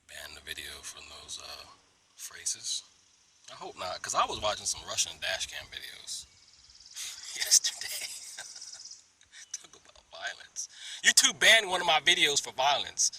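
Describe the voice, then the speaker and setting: A man telling a story to his phone camera in a park, animated, mimicking others in high voices and dropping to whispers. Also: gravelly, a little hiss or hum. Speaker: vlogger. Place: outdoor park, under a tree.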